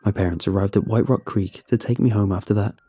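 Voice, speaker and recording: A man narrating a first-person horror story in a steady, somber way. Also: on the low side, fast talker, husky, dry recording, soft background music.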